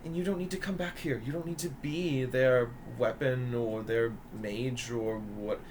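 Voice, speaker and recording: A scheming noble mother pleads softly with her son, wheedling and controlling, as a man puts her on. Her voice is quiet and sits at a middling pitch. A steady hiss of noise runs behind her. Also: a little slow, close to an everyday voice. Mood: pleading. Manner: soft, wheedling, pleading speech.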